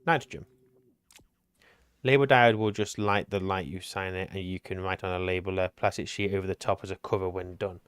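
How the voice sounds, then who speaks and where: A man's voice: sits low, steady tone, a little fast, fairly bright tone, smooth, no echo, studio quality. A man chatting casually while playing a co-op game on stream, thinking aloud and joking with his partner. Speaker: gaming streamer. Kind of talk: casual co-op gameplay chat.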